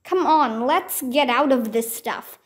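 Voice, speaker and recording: Woman reading as a young boy, eager, earnest, storybook, high voice. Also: slow pace. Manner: excited, raised voice.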